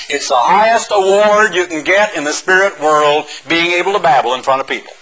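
A middle-aged man preaching a sermon, reading scripture slowly for emphasis and explaining it in a folksy, sarcastic way. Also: on the high side, low-quality recording. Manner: animated, folksy and sarcastic asides; slows down to stress scripture phrases.

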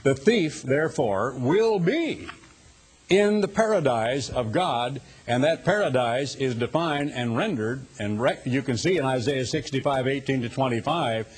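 An older man giving a sermon, speaking deliberately and slowing down to stress key words. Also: medium pitch, expressive, breathy edge. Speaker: preacher.

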